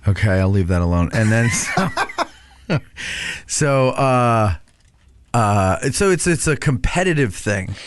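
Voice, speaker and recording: A man's voice: medium pitch, sing-song, slow pace, pauses often, a little hiss or hum. A man hosting a podcast, asking curious questions in a playful, joking way. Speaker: podcast host. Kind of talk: podcast conversation.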